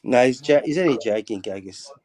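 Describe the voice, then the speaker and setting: Lively, laughing man calming friends. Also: medium pitch, brisk, a crowd in the background. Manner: laughing, lively, trying to calm others. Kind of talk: casual chat.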